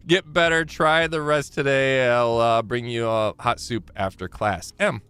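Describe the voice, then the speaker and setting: A man streaming a game live, chatting to himself and haltingly reading letters aloud with frequent fillers and restarts. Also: medium pitch, fairly even intonation, fairly bright tone, clear, resonant tone, no room sound. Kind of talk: live gameplay commentary.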